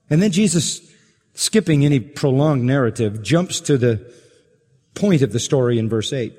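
A man preaching a sermon as pastor, emphatic and building to forceful peaks, asking the listeners rhetorical questions. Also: medium pitch, expressive, moderate pace. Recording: long hall reverb.

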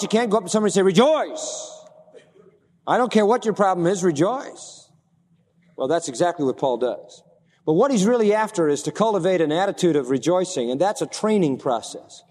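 Emphatic high-voiced preacher in a hall. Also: male voice, a little mellow. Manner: emphatic, repeats phrases for stress. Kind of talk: sermon. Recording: long reverb of a large hall.

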